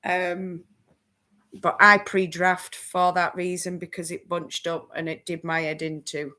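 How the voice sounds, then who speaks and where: A woman's voice: on the low side, level tone, a little slow, pushed and bright. A woman hosting a casual crafting live stream, chatting with viewers and laughing often.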